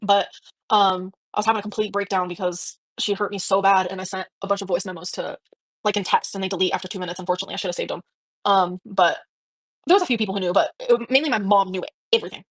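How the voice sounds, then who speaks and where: A young woman live streaming, talking fast and emotionally, swearing, with lots of fillers and restarts. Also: mid-range voice, fairly even intonation, no echo.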